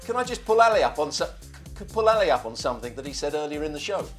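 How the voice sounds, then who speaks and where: A man's voice: fairly high pitch, big pitch swings, very fast, soft background music. Blunt male football pundit. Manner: blunt, matter-of-fact. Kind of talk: studio analysis and banter.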